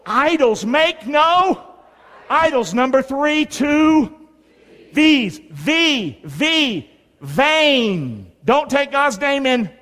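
Pastor, middle-aged man, high lively voice, big call-and-response sermon, long hall reverb. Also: extremely slow. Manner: animated call-and-response preaching with hand signs. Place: church sanctuary.

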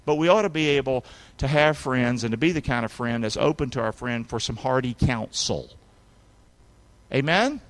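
A man preaching a sermon as a pastor, with emphatic call-and-response and sudden shouted lines for emphasis. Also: mid-range voice, lively intonation, moderate pace. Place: church sanctuary.

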